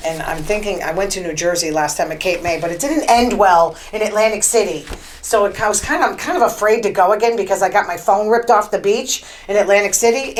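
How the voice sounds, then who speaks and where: A woman's voice: medium pitch, rough recording. A middle-aged woman hosting her own podcast, talking in a chatty, rambling, opinionated way with plenty of filler words. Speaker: podcast host. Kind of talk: casual solo commentary.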